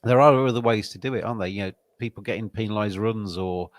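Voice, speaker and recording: A man's voice: fairly low pitch, quick pace, no room sound. A man from England hosting a podcast interview, chatting casually and rambling with many fillers and restarts. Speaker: podcast host.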